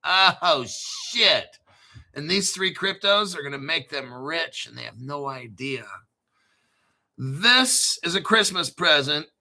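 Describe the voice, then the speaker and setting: Hyped, profane man with bright voice. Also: fairly high pitch, lively intonation, slow. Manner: profane, hyped, keeps clearing throat. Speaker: crypto show host. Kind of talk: excitable solo commentary stream.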